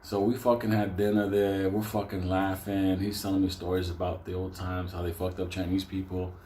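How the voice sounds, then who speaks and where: A man's voice: little pitch movement, fairly quick, warm tone, reverberant, slight background noise. Profane man telling a wild story. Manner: profane, laughs often, raises his voice high for quoted lines. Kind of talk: casual comic storytelling.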